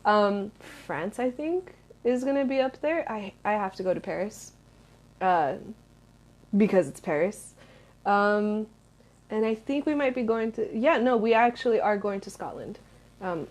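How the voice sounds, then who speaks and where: Young American woman, casual vlog Q&A, rambling, filler-heavy, mid pitch. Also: a little mellow. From United States. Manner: rambling, chatty, many fillers and restarts. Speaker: vlogger answering viewer questions. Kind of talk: casual Q&A chat.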